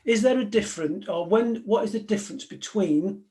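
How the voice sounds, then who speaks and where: A man's voice: high-pitched, moderate pace, dark tone. Direct man giving a talk. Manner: direct, anecdotal, conversational. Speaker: speaker, former police negotiator. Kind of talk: live motivational talk to an audience.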